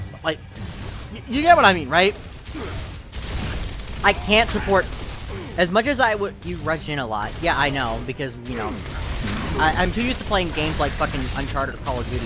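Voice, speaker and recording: Swearing, stuttering male game streamer. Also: medium pitch. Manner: rambling, swearing, self-described stutter. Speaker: gaming streamer. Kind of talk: casual gameplay commentary.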